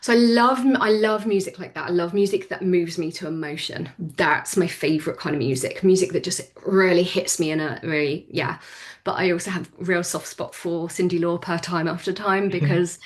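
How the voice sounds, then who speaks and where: A woman's voice: fairly low pitch, steady tone, moderate pace. A woman in her forties, chatting as an interview guest, laughing often and restarting her sentences. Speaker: podcast guest, business owner. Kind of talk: casual interview chat.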